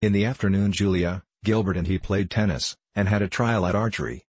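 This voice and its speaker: A man narrating an audiobook in a steady, measured reading style. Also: low-pitched, breathy edge, dry recording. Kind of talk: scripted narration.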